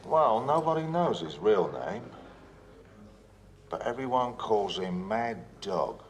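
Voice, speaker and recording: A deep-voiced gruff policeman. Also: animated, takes it slowly. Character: gruff police officer, middle-aged man. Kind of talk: TV period drama acting.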